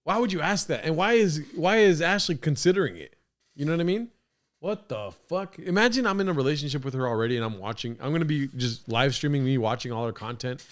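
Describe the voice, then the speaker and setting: A man hosting a podcast, reacting to stream clips in casual, excitable, profane talk, laughing often. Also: fairly high pitch, quick pace.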